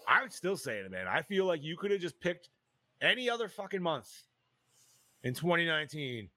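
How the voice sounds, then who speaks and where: An animated man co-hosting a casual podcast chat. His pitch swings widely as he rants and swears freely. The sound is dry and close. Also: moderate pace, dry recording. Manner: animated, profane, says "dude" a lot. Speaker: podcast co-host.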